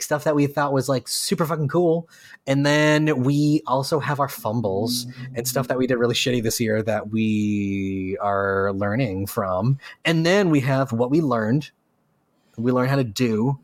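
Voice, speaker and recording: A man co-hosting a podcast in casual, joking chat, rambling with lots of filler words. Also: medium pitch. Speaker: podcast co-host.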